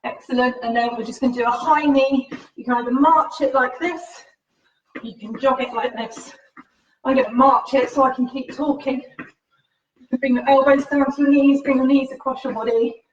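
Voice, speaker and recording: A woman's voice: high voice, steady tone, normal speed, a little hiss or hum. A woman fitness instructor leading a live-streamed home workout, upbeat and encouraging, slightly out of breath as she exercises while talking. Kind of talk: live-streamed workout class with faith reflection. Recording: roomy, distant, dull livestream audio.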